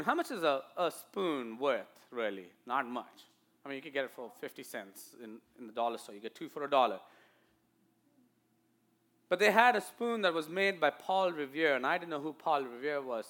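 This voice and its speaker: A pastor with an Indian accent delivers a sermon to his church, shifting between quiet asides and loud, emphatic declarations. His pitch is fairly high.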